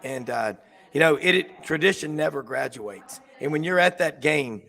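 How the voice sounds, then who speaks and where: A man hosting a sports talk show, excitable and rambling, and losing his voice. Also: on the high side, moderate pace, creaky. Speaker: sports radio host. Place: coffee shop.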